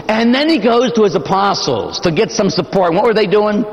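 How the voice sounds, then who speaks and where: A priest delivers an impassioned sermon in a big church whose long reverb trails after every phrase. His fairly high voice rises and falls in wide, lively sweeps. He leans hard into emphasis and then drops suddenly to a hush. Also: normal speed, hardly any pauses. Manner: dramatic, impassioned preaching with sudden swells to shouting and drops to near-whisper. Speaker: Catholic priest.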